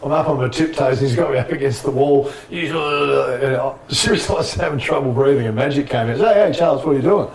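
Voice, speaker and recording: Guest spot: fast-talking middle-aged Australian man spinning animated sports yarns, voice slightly distant in an echoey room. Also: mid-range voice. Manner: animated anecdotes, laughs often. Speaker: former basketball player, guest. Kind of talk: casual storytelling interview.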